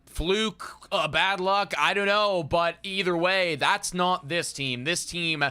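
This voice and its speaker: Male co-host, earnest sports talker full of fillers; smooth, forceful tone. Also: sits high, slow pace. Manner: earnest, repeats stock phrases, many fillers. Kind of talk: casual sports chat.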